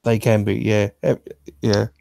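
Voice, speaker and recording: A man's voice: lowish voice, little pitch movement, a little slow, vocal fry, dark tone. A man co-hosting a casual movie review podcast, talking hesitantly with frequent restarts. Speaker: podcast co-host.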